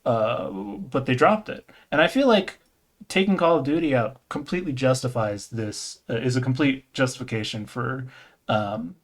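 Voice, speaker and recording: A man's voice: mid-range voice, animated, moderate pace. Laid-back man rambling on a podcast. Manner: rambling, self-correcting, laughs often, swears casually. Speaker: podcast co-host. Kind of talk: casual gaming podcast chat.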